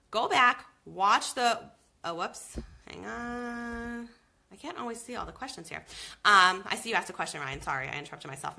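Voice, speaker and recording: A woman in her thirties, a baby sleep coach, giving emphatic advice to viewers in a live video question-and-answer. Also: mid-range voice. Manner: emphatic, animated advice with lots of "okay?".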